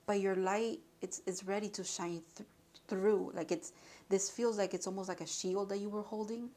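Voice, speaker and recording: A woman giving an intuitive spiritual card reading, emotional and halting, with sighs and restarts. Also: mid-range voice, steady tone, darkish tone.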